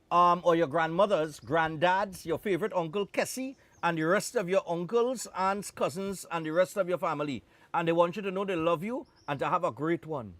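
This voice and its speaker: A man's voice: high-pitched, no echo. A man with a Trinidadian accent, hosting a live morning TV show in a chatty, joking way with loose Caribbean phrasing. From Trinidad and Tobago. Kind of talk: casual on-air chat.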